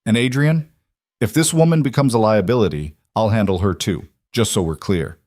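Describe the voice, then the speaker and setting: A man reading the lines of a cold male crime boss, soft and dangerous. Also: fairly low pitch, normal speed, no echo, clean studio sound, close to an everyday voice. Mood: menacing.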